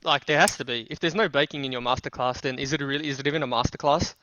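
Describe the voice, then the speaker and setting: A man's voice: medium pitch, very fast, sharp tone, no echo, lo-fi sound. A man co-hosting an esports broadcast, joking and boasting playfully about himself in casual banter. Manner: boastful, jokey, self-mocking.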